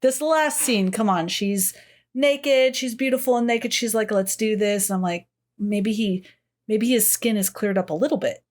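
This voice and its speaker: A woman's voice: medium pitch, moderate pace, a little mellow. A middle-aged woman co-hosting a podcast, chatting casually and animatedly, swearing freely and acting out her own reactions. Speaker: podcast co-host. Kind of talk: casual chat.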